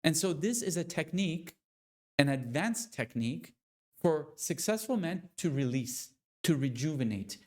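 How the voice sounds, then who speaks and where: A man giving a motivational talk to other men, speaking with slow, deliberate, preacher-like emphasis. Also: fairly high pitch, a little mellow. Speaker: motivational coach.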